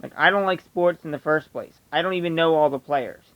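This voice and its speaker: A man's voice: on the high side, brisk, muffled recording. Blunt, opinionated man with a Delco accent. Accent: Delco (Philadelphia area). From Delaware County, Pennsylvania. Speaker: vlogger. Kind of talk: casual ranting monologue.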